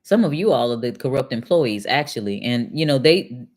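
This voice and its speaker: This channel host, a retired accountant in middle age, has a rumbling low voice with a darkish tone and expressive delivery at normal speed. In her casual commentary she reads passages out loud, then responds with sharp, chatty questions aimed at her viewers.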